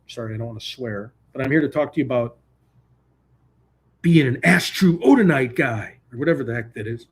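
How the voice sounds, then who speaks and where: A man's voice: medium pitch, lively intonation, a little fast, slightly rough. A man hosting a live call-in stream from a hotel room, talking casually and rambling between jokes. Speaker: host.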